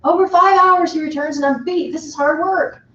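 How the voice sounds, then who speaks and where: A man's voice: very high-pitched, fairly even intonation, normal speed, pushed and bright, distant mic, a little hiss or hum, voice pushed up. A woman reading aloud as a tired, impatient man who is too busy sawing to sharpen his saw, curt and stubborn. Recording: dull echoey room from afar.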